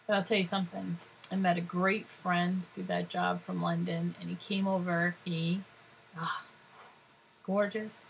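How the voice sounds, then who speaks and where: A woman's voice: fairly low pitch, vocal fry, slight background noise, rough recording. A middle-aged woman chatting casually to her viewers, rambling from story to story and laughing often. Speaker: vlogger.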